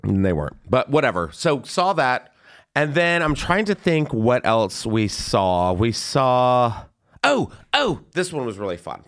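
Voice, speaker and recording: Animated gossipy man with smooth voice. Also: measured pace. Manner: animated, gossipy, jumps into high squealing voices for quotes. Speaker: podcast host. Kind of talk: casual storytelling chat.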